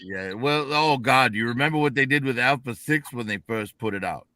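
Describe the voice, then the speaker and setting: A man in casual chat as a podcast co-host, relaxed and talkative. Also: mid-range voice, moderate pace, no room sound, clean studio sound.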